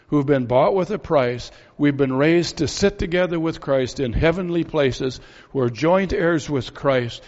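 A man's voice: mid-range voice, darkish tone. A man preaching an expository sermon, earnest and reasoning, full of rhetorical questions. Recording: dull lo-fi sound with long hall reverb.

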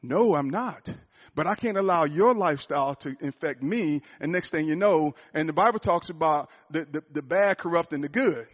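A man giving a sermon testimony as a church speaker, preaching emphatically and dropping to a hushed storytelling tone. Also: fairly high pitch, moderate pace, dull audio.

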